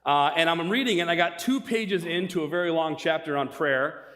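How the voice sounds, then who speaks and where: A middle-aged male preacher with a high, bright voice, delivering a lively sermon full of stories and rhetorical questions. His voice carries through a church with a long, rolling reverb. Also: moderate pace. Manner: animated storyteller, rhetorical questions.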